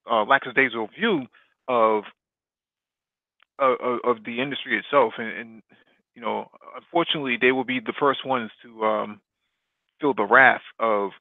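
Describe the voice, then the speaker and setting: Over a dry, tinny, phone-like line with no echo, a man co-hosting a laid-back economics and technology podcast speaks in a medium-pitched voice. He explains at length, with plenty of fillers and restarts.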